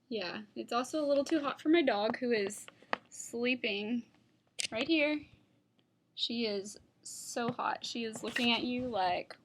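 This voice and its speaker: A young adult woman vlogs casually into her computer webcam at home, rambling from topic to topic and talking to her dog. Her voice is fairly high and unhurried, with a noisy background behind it.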